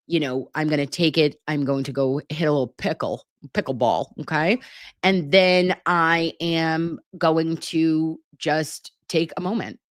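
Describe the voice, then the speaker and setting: Woman, 40s, livestream host: low voice, gushing and expressive, salty mouth, dry close sound. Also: no room sound. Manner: gushing, effusive, swears freely, calls viewers pet names; expressive, with gasps and laughs. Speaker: livestream host reading viewer comments. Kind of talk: casual livestream chat.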